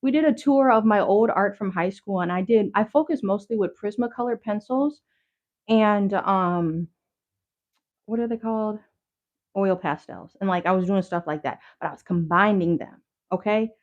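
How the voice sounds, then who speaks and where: A woman's voice: mid-range voice, normal speed, a little mellow. A woman chatting on a casual livestream. She rambles in loose slang, full of fillers and restarts, and talks straight to her viewers. She sounds a little out of breath, and the stream audio is slightly dull and lo-fi. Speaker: livestream host showing handmade crafts.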